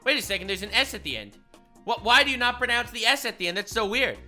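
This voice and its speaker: A young man reacting to a video, ranting loudly and swearing, with big swings between loud outbursts and mutters. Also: very high-pitched, expressive, quick pace, soft background music. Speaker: reaction streamer. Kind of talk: casual reaction commentary.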